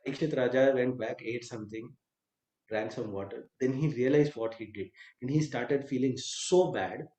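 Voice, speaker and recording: A man's voice: mid-range voice, dark tone, echoey room. A man giving a lecture that retells a scripture story, acting out quoted lines with asides and some hesitant fillers. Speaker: spiritual teacher.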